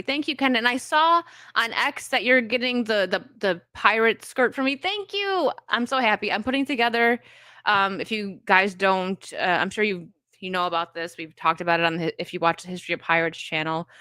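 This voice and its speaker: A sharp, bright-toned American woman chatting on a live stream, rambling through fillers and restarts and laughing often. Her voice sounds close and dry, with no room around it. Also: on the high side, a little fast, no room sound. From United States. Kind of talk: casual live-stream chat, reading viewer donations.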